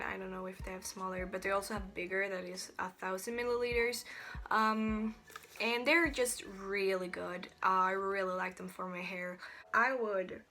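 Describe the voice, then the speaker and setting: A woman's voice: mid-range voice, bright, forceful tone. A young woman with a Swedish accent, chatting casually through a review of used-up beauty products and often restarting her sentences. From Sweden. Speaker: beauty vlogger.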